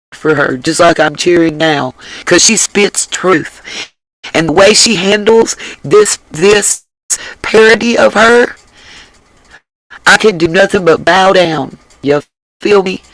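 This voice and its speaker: A man's voice: fairly high pitch, fairly bright tone, no room sound, poor audio. A man hosting a casual reaction stream, talking effusively and repeating his praise. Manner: effusive, emphatic, repeats phrases. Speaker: host reacting to a video.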